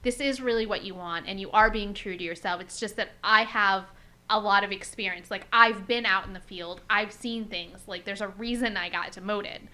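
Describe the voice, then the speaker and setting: A woman co-hosting a casual podcast chat, recapping an episode as an animated storyteller who swears freely. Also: mid-range voice, normal speed. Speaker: podcast co-host.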